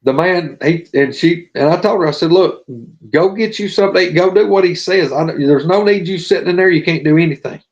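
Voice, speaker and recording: On a casual live show, a podcast guest tells a long personal story in a folksy, earnest, drawling way, like testimony. His voice is on the high side and brisk, and the audio is dull and lo-fi.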